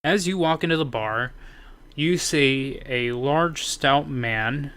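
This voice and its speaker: Man, game master, halting self-correcting narration, smooth resonant voice, dry close mic. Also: mid-range voice, a bit bright, no room sound.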